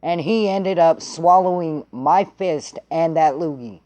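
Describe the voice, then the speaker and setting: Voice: mid-range voice, measured pace, mellow. A vlogger telling a story in a blunt, heated way and swearing freely. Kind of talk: casual profane storytelling.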